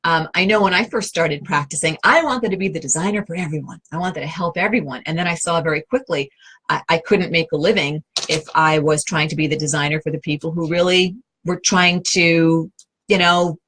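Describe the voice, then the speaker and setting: A middle-aged woman with a New York accent hosts a live question session on interior design. Her voice sits slightly low, and she speaks in a chatty, direct way. She often restarts her sentences and fills pauses with "um". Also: fairly bright tone, breathy edge, rough recording. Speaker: interior design advisor and host. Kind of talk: answering viewer questions live.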